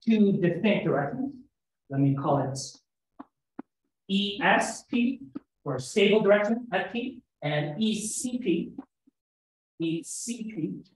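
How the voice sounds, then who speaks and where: A man's voice: high voice, a little hiss or hum. A man giving a mathematics seminar talk, explaining step by step and thinking aloud as he goes. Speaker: lecturer. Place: seminar room. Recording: echoey lecture room, slightly dull sound.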